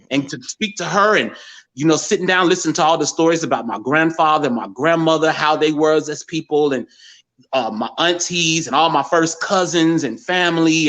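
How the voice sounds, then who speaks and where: Middle-aged man, animated storyteller. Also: on the high side, fairly quick. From Gary, Indiana. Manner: animated, quotes relatives in a raised voice, many restarts. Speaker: guest. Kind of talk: emotional personal storytelling.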